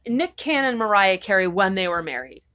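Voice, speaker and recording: A woman's voice: medium pitch, expressive, fairly quick, a bit bright. A woman co-hosting a casual chat, rambling and irreverent, swearing freely. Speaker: podcast co-host.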